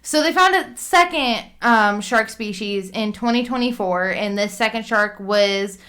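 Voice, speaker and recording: A woman's voice: mid-range voice, a little slow, a bit bright. A woman co-hosting a podcast in casual chat, laughing often and stumbling over her notes. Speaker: podcast co-host.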